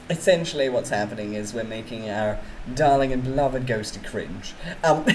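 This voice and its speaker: Low-pitched kiwi woman streaming, slow lively sing-song teasing, faint hiss on the mic. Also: rough recording. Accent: New Zealand. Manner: teasing, giggly, mock-dramatic. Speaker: VTuber streamer. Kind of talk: casual live-stream chat with viewers.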